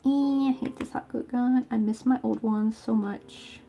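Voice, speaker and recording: A woman's voice: fairly high pitch, fairly even intonation, unhurried, creaky, dark tone, slight background noise. A young woman from Tennessee with a light Southern accent, chatting casually and rambling while she crochets on a livestream. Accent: Southern American. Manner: chatty and rambling, lots of "like" and laughs.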